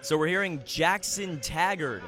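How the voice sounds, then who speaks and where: A man's voice: fairly high pitch, animated, a little slow, bright, forceful tone, soft background music. A man calling a baseball game play by play, with dry, teasing banter with his partner between the plays. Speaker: play-by-play commentator. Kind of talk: live baseball commentary.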